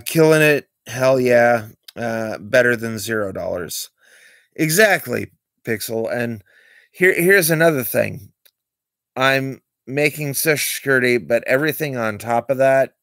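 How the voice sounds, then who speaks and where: A man's voice: medium pitch, animated, measured pace, vocal fry, fairly bright tone, dry recording. A man rambling through candid stories in a late-night livestream monologue, close to his desk mic. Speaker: streamer.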